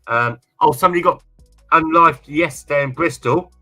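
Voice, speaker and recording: A man's voice: fairly high pitch, moderate pace, pushed and bright, soft background music. A man from England, co-hosting a livestream in rambling, casual chat and repeating himself often. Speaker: livestream co-host.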